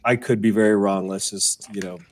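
A man's voice: fairly low pitch, fairly even intonation, a little fast. A man co-hosting a podcast, chatting casually about actors in a rambling, hedging way. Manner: rambling, hedging, many restarts. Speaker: podcast co-host. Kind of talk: casual chat.

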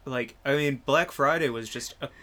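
A man hosting a podcast in casual chat, joking around and quick to laugh. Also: mid-range voice, bright, forceful tone. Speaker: podcast host.

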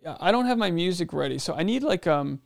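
A man's voice: sits high, lively intonation, brisk, vocal fry, no echo, studio quality. A young man hosting a solo podcast, talking in a chatty, rambling way with many fillers and restarts. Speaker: podcast host.

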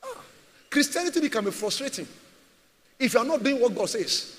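A man's voice: very high-pitched, big pitch swings, moderate pace, big-room sound. A man preaching a sermon as a pastor, emphatic and repetitive, firing rhetorical questions at his church.

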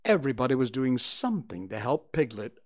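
A man narrating a children's storybook at a gentle pace. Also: mid-range voice, big pitch swings, a little fast. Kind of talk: storybook reading.

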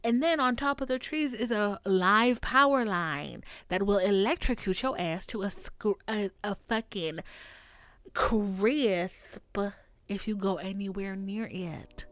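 A woman's voice: medium pitch, expressive, measured pace, dry recording. A young woman from the United States hosting a podcast, talking in a casual, rambling, profanity-heavy confessional monologue and laughing to cope. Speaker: podcast host.

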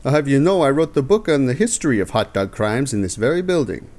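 A man's voice: mid-range voice, animated, fast, a little mellow, pitched above the performer's own voice, natural voice. A man doing a pompous police chief. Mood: indignant. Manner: pompous, lecturing. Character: self-important male police chief.

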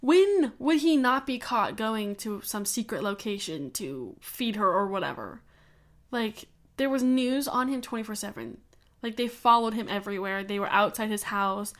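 A young woman co-hosts a true-crime podcast, speaking casually with strong opinions, laughing often and swearing. Her voice is mid-range and expressive at a normal speed.

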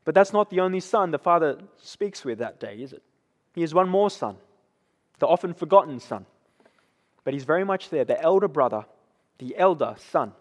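A man's voice: a little high, expressive, normal speed, long pauses. A man preaching a sermon who keeps checking in with his listeners by asking "right?". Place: church. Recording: long echo of a church hall.

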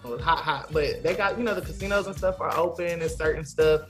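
A man's voice: fairly high pitch, fast, fairly bright tone, soft background music. A man from Texas, a podcast guest, talking in an easygoing, chill, self-mocking way. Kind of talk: casual podcast chat.

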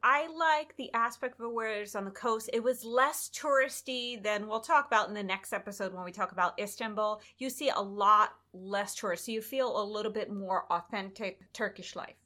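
A young adult woman co-hosting a travel podcast, telling stories in a lively way and acting out bits of dialogue. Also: mid-range voice, moderate pace, few pauses. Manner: animated, recounts events with quoted dialogue. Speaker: podcast co-host. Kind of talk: casual travel storytelling.

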